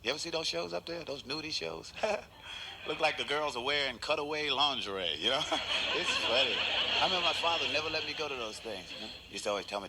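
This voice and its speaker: A man's voice: fairly high pitch, quick pace, heavy background noise. A man doing a laid-back stand-up routine on a television stage, chuckling at his own jokes. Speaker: stand-up comedian.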